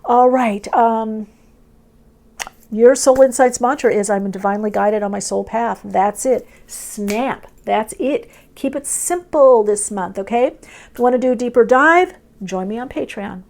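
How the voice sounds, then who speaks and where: A woman's voice: on the high side, moderate pace, creaky, a little mellow. A woman doing an intuitive tarot reading, musing aloud in short, dreamy phrases. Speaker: tarot reader. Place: indoors, off camera.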